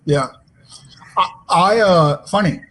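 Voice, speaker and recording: A man on a virtual fan panel, telling stories from set in a lively way and openly moved. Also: high-pitched, slow. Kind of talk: casual panel chat. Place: home, on a video call.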